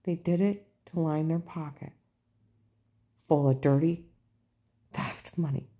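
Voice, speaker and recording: Lady vlogging on and on, kinda low voice, keeps repeating herself and pushing hard. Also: steady tone, slow. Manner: insistent, repetitive, grows loud and emphatic. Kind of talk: casual monologue to camera.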